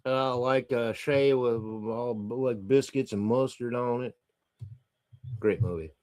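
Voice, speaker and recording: A man's voice: mid-range voice, slow, a little mellow. A middle-aged man hosting a livestream, reading chat comments aloud and ranting casually with profanity and frequent laughter.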